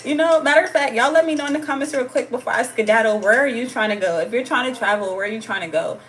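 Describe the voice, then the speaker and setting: A woman's voice: a little high, quick pace, fairly bright tone. An American woman hosting a livestream in a playful, slangy way, laughing often between remarks. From United States. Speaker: tarot channel host. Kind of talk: casual livestream chat.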